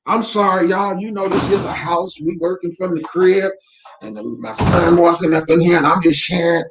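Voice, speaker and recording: Gravelly, fervent man preaching at home. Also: sits high, steady tone, moderate pace, echoey room, slight background noise. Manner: fervent, preachy, bursts into shouting. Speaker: real estate company owner, host. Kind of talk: live faith-based motivational talk. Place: room at home. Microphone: camera mic.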